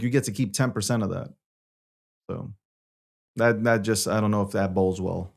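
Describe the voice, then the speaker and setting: Male host from New York, punchy and repetitive, rides the volume up and down. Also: medium pitch. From New York City. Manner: emphatic, repetitive, swings loud and soft. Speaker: show host. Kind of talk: opinionated political commentary.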